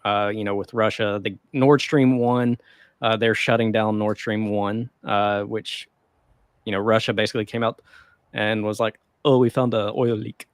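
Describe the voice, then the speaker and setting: A man's voice: lowish voice, level tone, moderate pace, clear, resonant tone, no room sound, studio quality. A man co-hosting a casual podcast, rambling loosely with lots of fillers and frequent chuckles. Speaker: podcast co-host. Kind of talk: casual chat about the stock market.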